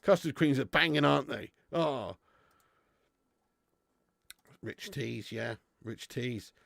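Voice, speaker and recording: A man's voice: medium pitch, slow pace, vocal fry, fairly bright tone, no echo. A man hosting a live stream, bantering with viewers in casual, sweary chat and laughing often.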